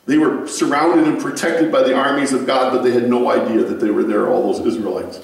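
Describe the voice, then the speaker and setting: Male pastor, conversational sermon, animated storyteller, booming church echo, distant mic. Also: a little fast, gravelly, hardly any pauses. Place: church sanctuary. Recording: very echoey room, mic far off.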